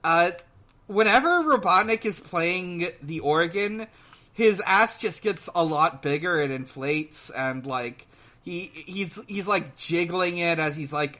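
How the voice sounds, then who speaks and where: A man co-hosting a podcast in casual chat, recapping a cartoon in a hesitant, halting way full of pauses. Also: a little high, animated, pushed and bright. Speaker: podcast co-host.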